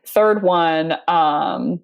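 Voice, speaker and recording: A woman talking as a guest in a casual interview, telling stories in an animated way with laughs and fillers. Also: low-pitched, drawn-out words, gravelly, clear, resonant tone, muffled recording.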